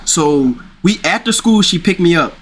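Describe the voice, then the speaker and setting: A man's voice: high-pitched, lively intonation, moderate pace, a bit bright, husky. Slangy young man telling a story. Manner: slangy, rambling, restarts often. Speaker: streamer. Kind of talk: casual storytelling.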